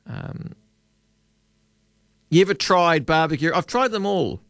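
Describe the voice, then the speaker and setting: A New Zealand man hosting a radio talk show, his voice sitting a little high for a man. He talks in a loose, chatty way and keeps asking his callers questions. The studio sound is dry and close. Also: takes it slowly, no room sound. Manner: chatty, relaxed, quizzing callers. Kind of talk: casual radio chat. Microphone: studio microphone.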